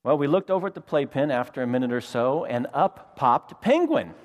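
A middle-aged man preaching a sermon, telling a family story with lively quoted voices. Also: mid-range voice, fairly quick, highs cut off, background noise. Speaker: pastor.

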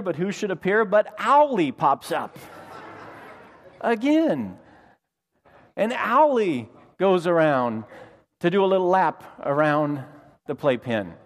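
A middle-aged man preaching a sermon, telling a family story with lively quoted voices. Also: on the high side. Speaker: pastor.

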